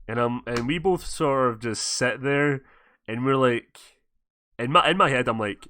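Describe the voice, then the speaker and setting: A man's voice: medium pitch, a little slow, dry recording, clean studio sound. A man with a Scottish accent hosting a casual podcast, telling a story with lots of swearing and acting out what people said. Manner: animated, swears a lot, acts out quoted lines. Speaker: podcast host.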